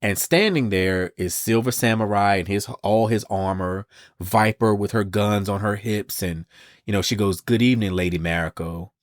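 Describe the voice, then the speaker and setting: Lively casual male podcast host. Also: on the low side, moderate pace, dry recording, studio quality. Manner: animated, casual, swears and laughs. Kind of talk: comic recap.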